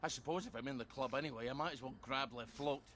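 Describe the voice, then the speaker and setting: A man's voice: mid-range voice, quick pace, background noise, natural voice. An actor with a Scottish accent playing a sardonic man on the run in a video game, trading dry quips. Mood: wry.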